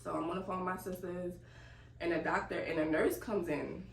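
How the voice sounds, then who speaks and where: A young woman telling a casual, animated story and laughing as she goes. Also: on the low side, fairly quick, gravelly. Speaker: vlogger. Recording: echoey room, distant mic, faint noise.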